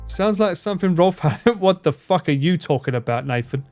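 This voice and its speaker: A man's voice: on the high side, animated, brisk, a little mellow, faint music behind. A man from England with an Essex accent, chatting casually and teasingly with viewers on a live stream, swearing and laughing often. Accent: English, Essex.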